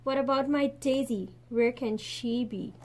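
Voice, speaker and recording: An earnest young woman farmer calls out with feeling, as a woman puts her on during a picture-book reading. Her voice is very high and bright, pushed up well above the reader's own. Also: measured pace. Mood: sad.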